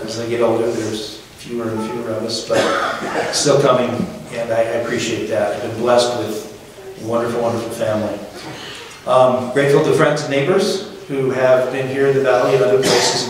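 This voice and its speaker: A middle-aged man giving his father's eulogy at a funeral, speaking in a halting, reflective way with gentle humor. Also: mid-range voice. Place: funeral chapel. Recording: very echoey hall from far off, faint noise.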